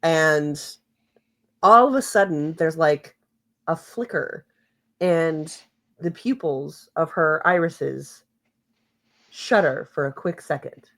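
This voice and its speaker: A woman narrating as game master of a tabletop game, with hesitant pauses and fillers. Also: deep voice.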